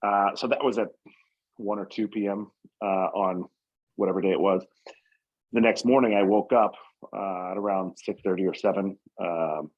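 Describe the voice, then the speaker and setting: Low, husky-voiced man in an interview. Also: steady tone, normal speed, muffled recording. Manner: earnest, rambling with many fillers and restarts. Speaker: painting company owner, guest. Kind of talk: casual podcast interview.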